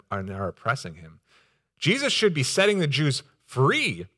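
A man's voice: mid-range voice, a bit bright. A male pastor preaching a sermon, voice rising with emphasis when he acts out quotes.

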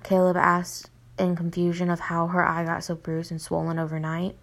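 A young woman reads her own story aloud in a low, gravelly voice. She speaks plainly and stumbles now and then, going back to fix her words. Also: completely flat delivery, normal speed. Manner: plain reading with small slips and restarts. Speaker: podcast storyteller.

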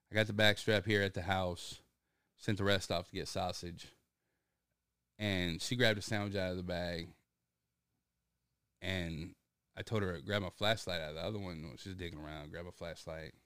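A man's voice: unhurried, pauses often, clean tone, dry recording, studio quality. A man, telling a hunting story in a casual chat and acting out the people he quotes. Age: 30s. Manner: animated storyteller, acts out quotes with big pitch jumps, laughs often.

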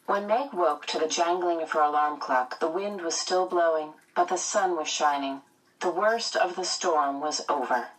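A woman reading a novel aloud in measured, scripted narration. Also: low voice, distant mic, poor audio. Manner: measured storytelling. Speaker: audiobook reader.

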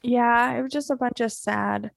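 A woman's voice: on the high side, steady tone, vocal fry, no echo, studio quality. A woman co-hosting a podcast, chatting casually about a TV show and laughing often. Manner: slow, drawn-out, giggly talk. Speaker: podcast co-host.

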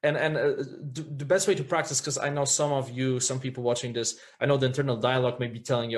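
A man's voice: mid-range voice, fairly even intonation, quick pace, few pauses. A man speaking as a podcast guest, earnest and reflective, often checking in with "right?" as he talks. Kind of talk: candid podcast conversation.

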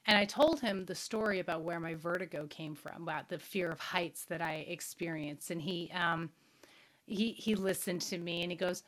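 A woman's voice: lowish voice, fairly even intonation, normal speed. A middle-aged woman hosting a spirituality show, telling a personal story in a candid, frank way, swearing casually and putting questions to her audience.

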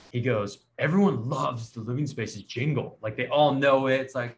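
A man's voice: mid-range voice, moderate pace. A male podcast host spins a story in loose, easy conversation. He jumps into the voices of people he quotes and laughs at his own embarrassment along the way. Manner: laughs often, self-deprecating. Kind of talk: casual storytelling chat.

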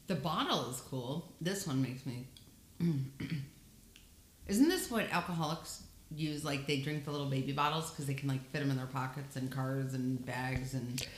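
A woman co-hosting a casual podcast, chatty and quick to laugh. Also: extremely low pitch. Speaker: guest co-host. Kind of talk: casual chat.

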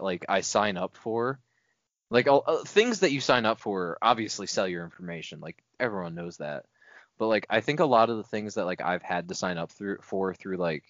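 A man's voice: low-pitched, no echo. Podcast co-host, man, rambling casual storyteller with frequent laughs; dry lo-fi sound. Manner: rambling storyteller, laughs often, many fillers. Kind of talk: casual chat. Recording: dull lo-fi, dry.

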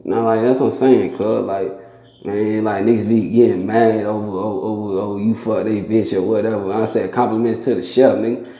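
A man's voice: fairly low pitch, steady tone, normal speed. Guy rambling thru street stories, profane n laughing a lot, lo-fi muffled sound. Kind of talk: casual storytelling. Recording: echoey room, dull lo-fi sound.

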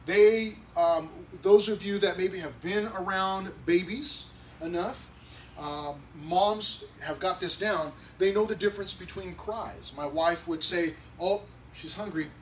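A male pastor gives a relaxed, conversational sermon in a church and sometimes acts out the voices he quotes. His voice sits high, and the mic is set well away from him, so he sounds distant. A faint hiss runs under the recording. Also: takes it slowly.

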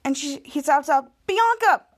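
High-voiced woman rambling through a recap. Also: normal speed, soft background music. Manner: rambling retelling with restarts, acting out quoted lines. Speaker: podcast host. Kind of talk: casual episode recap.

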